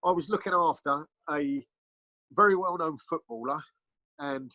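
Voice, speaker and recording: A middle-aged Englishman and former bodyguard tells rambling, blunt stories as a podcast guest, full of ums and restarts. His voice is fairly high, bright and forceful at a measured pace; there's no room sound, but the audio is poor.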